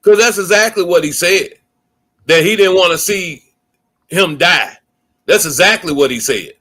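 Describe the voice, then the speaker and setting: Guy doing a reaction stream, bright tense voice, cussing and stammering a lot, kinda high. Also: normal speed. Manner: profane, stammering, heated. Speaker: commentary host. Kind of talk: reaction commentary.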